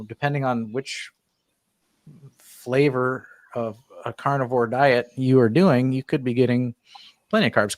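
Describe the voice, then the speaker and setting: A man's voice: mid-range voice, no echo, clean studio sound. A middle-aged man hosting a casual online panel chat, reading viewer comments aloud and rambling through his answers.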